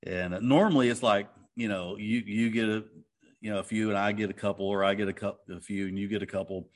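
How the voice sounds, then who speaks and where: A man's voice: fairly low pitch, fairly even intonation, fast talker. A man co-hosting a podcast in easygoing, rambling casual chat, often laughing. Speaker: podcast co-host.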